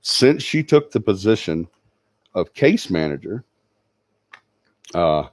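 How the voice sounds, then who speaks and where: A man, hosting a paranormal channel, gives a halting, heartfelt tribute full of fillers. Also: low voice, sing-song, a little mellow, no room sound, clean studio sound. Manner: halting, sincere, many fillers. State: tearing up. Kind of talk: emotional livestream tribute.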